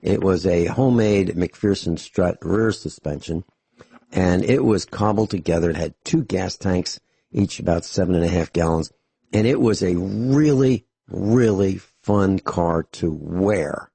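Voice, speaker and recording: A man's voice: sits low, measured pace, creaky, dark tone, breathy edge, no echo. A man hosting a talk radio show, telling rambling, anecdotal stories with dry humor into a studio microphone.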